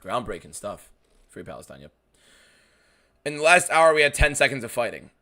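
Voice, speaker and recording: A man's voice: mid-range voice, big pitch swings, normal speed, bright, forceful tone. An American man hosting a fight watchalong stream, answering viewer questions in blunt, casual chat with a fair bit of swearing. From United States.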